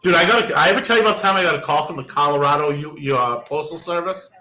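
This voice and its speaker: A young man in his twenties or so, chatting casually on a podcast with a fairly high, very bright voice. He tells stories in a profane, lively way and slips into the voices of the people he quotes. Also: racing, low-quality recording. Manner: profane, animated storyteller who acts out quoted dialogue. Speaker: podcast co-host. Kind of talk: casual storytelling chat.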